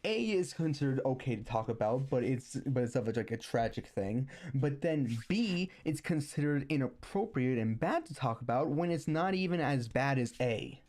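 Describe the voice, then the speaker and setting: A man's voice: mid-range voice, lively intonation, normal speed, few pauses, darkish tone. A young man streaming a rambling, sarcastic rant that is full of restarts and repeated words.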